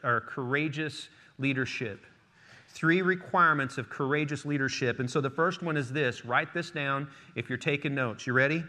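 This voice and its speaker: A man's voice: fairly high pitch, pushed and bright. A man preaching a sermon as pastor, reading scripture aloud and calling out to the congregation. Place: church hall. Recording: long hall reverb.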